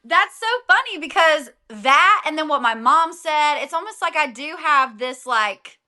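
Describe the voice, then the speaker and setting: A woman's voice: high voice, a little slow, pushed and bright. A young adult woman, a singer and guest on an interview podcast, talking casually and animatedly, often laughing.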